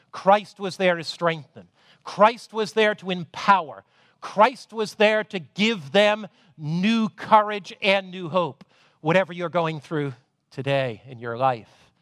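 A man preaching a sermon, moving between loud emphasis and hushed, intimate passages. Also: sits high, dry recording, studio quality. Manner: dramatic, swings from loud to hushed.

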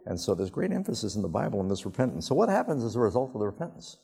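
A male pastor preaching a sermon, telling the story emphatically and with sudden rises in pitch. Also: big pitch swings, racing, vocal fry, warm tone, breathy edge. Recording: long hall reverb.

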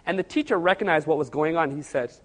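A male preacher telling a story in a sermon, animated and acting out the quoted speech. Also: on the high side, fast. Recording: long hall reverb.

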